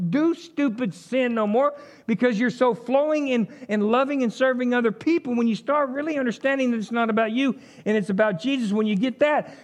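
A middle-aged man, preaching a sermon, full of animated storytelling, jokes and asides. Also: very high-pitched. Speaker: pastor.

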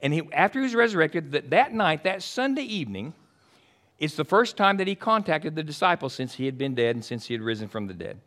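A man preaching a sermon as pastor, casual and chatty with the congregation, swinging from loud emphatic preaching to hushed storytelling. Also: fairly high pitch, big pitch swings, brisk.

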